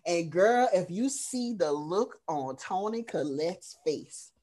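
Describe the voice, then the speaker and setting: A woman co-hosting a movie review podcast, casually retelling a film plot in a profane, animated way, full of "um" and "like.". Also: lowish voice, slow pace. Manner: frequent fillers like "um" and "like". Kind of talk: casual chat.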